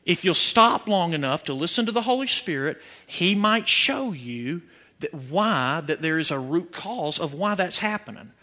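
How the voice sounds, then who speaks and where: A man from preaching a sermon, telling stories with animation and breaking into shouts. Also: on the high side, normal speed. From Georgia, USA. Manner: animated storytelling, bursts into shouting.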